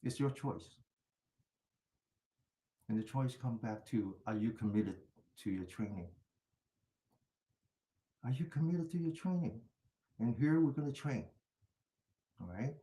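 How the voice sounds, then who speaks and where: A man's voice: mid-range voice, animated, measured pace, long pauses, mellow, reverberant. An older man teaching a mindfulness class, telling stories in a chatty way and often asking "right?". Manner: chatty storytelling with frequent laughs and rhetorical "right?".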